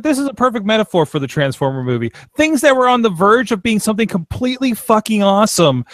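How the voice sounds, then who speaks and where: A man hosting a casual podcast chat, animated, with frequent stammering restarts. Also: high-pitched, no echo. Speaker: podcast host.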